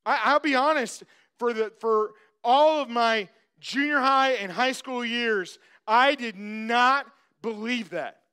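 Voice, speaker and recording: A man's voice: extremely high pitch, slow, sharp tone, clear, resonant tone. A man preaching a sermon as pastor, emphatic, repeating phrases and speaking straight to the congregation.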